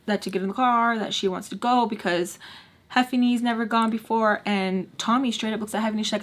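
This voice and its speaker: Chatty young woman telling a storytime. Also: a little fast. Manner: chatty, animated, acts out quoted people with big pitch jumps. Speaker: storytime vlogger. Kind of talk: casual storytime while doing makeup.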